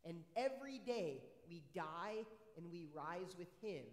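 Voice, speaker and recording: A high-pitched man leads a children's sermon as a pastor, upbeat and friendly, asking the kids question after question. His voice rings through a roomy church sanctuary with a long, echoing reverb. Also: expressive, measured pace.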